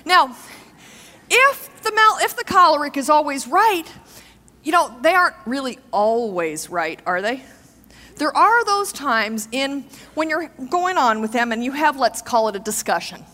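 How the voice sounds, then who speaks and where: Lively female presenter with a high, bouncy voice, quizzing a live audience in a big echoing hall. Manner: animated, asks the audience questions and acts out quotes. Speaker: seminar speaker. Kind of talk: live seminar talk to an audience. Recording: long hall reverb.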